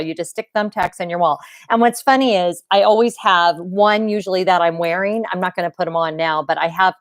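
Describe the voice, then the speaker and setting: A woman's voice: medium pitch, no echo, studio quality. A middle-aged woman hosting a casual live stream from home, bubbly and chatty as she greets viewers by name. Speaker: YouTube live stream host.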